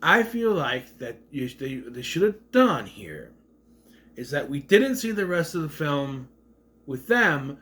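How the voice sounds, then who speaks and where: A man's voice: fairly high pitch, very animated, slow, fairly bright tone. A man giving a casual, rambling movie rant, with a slight stutter, acting out quotes in raised voices. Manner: mentions a stutter. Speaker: movie reviewer.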